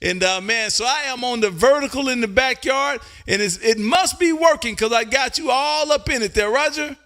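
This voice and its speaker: Loud, excitable radio host from Texas. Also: male voice, extremely high pitch, faint music behind. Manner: loud, excitable, drawn-out call signs. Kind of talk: live ham radio contacts. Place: home radio room.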